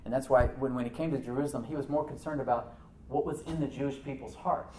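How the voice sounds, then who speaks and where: A man preaching a sermon as pastor, animated, with rhetorical questions and soft asides to the congregation. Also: medium pitch, fast talker, roomy sound, far from the mic, a little hiss or hum, rough recording. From United States.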